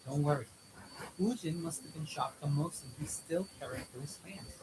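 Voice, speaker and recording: A man gives casual reaction commentary on a video, translating and explaining, and gets worked up and swears as he talks. His voice is a little high at a moderate pace, picked up by a distant mic with loud noise behind.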